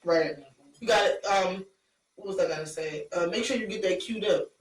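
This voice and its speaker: A woman's voice: fairly low pitch, moderate pace. Blunt laughing woman in an echoey room. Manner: blunt, laughing, many fillers. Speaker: podcast co-host. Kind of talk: casual chat. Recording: echoey room from far off, faint noise.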